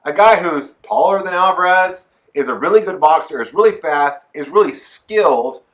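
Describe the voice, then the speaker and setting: A man with a bright, ringing voice co-hosts a casual boxing talk show. He speaks a touch higher than most men and argues his points with animated emphasis. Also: moderate pace, low-quality recording. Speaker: co-host. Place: Texas.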